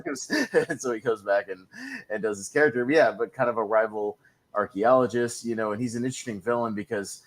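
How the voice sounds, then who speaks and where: A man's voice: mid-range voice, steady tone, very fast. A man hosting a casual movie podcast, rambling with many fillers and frequent laughs. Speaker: podcast host.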